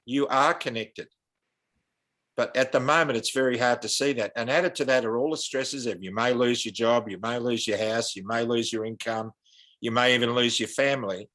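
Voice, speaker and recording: Australian man, earnest, impassioned, preacherly, mid-pitched voice. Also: moderate pace, a bit bright. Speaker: guest. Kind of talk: earnest podcast interview.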